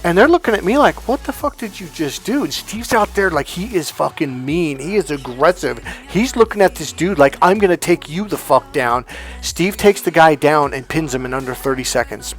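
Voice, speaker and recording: A man telling a personal story as a motivational coach, animated and swearing freely, acting out quoted dialogue loudly. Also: medium pitch. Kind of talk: casual storytelling monologue.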